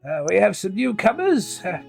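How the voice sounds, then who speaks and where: A man's voice: high-pitched, very animated, moderate pace, creaky, soft background music, full character voice. A man voicing a friendly, rambling male cart driver in a tabletop game. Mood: chatty.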